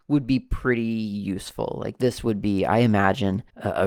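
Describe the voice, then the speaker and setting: A man casually talking through a software demo as he clicks around, thinking aloud and correcting himself often. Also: fairly low pitch, creaky, no echo, clean studio sound. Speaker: tech video host. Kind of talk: casual screen-recorded software walkthrough.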